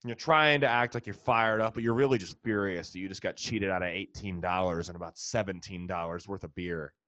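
A man's voice: low-pitched, fairly quick, bright, forceful tone, no room sound. A man, a comedian and podcast host, delivering a profane, sarcastic, exasperated comedic rant. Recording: dull lo-fi, dry.

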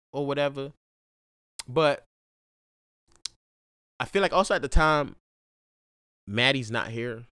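A man's voice: medium pitch, sharp tone, smooth, no room sound, studio quality. A man telling a rambling story in a laid-back casual monologue, full of slang and restarts. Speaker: vlogger.

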